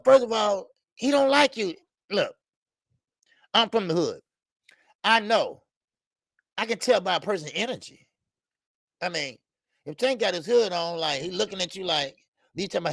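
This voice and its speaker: A man hosts a live-streamed boxing show in a high, gravelly voice that leaps up and down. He talks loosely and slangily with laughing asides, and the sound is close and dry with no room echo. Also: expressive, measured pace, pauses often, a bit bright. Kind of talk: live-streamed commentary and chat.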